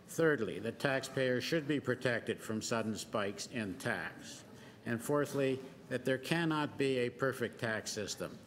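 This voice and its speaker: A man giving a formal prepared deputation to a council committee, listing his points one by one in a measured way and quoting from a report. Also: mid-range voice. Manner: measured, enumerating points, reading quotations. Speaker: business association deputant. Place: large council chamber. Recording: long-reverb council chamber with faint noise.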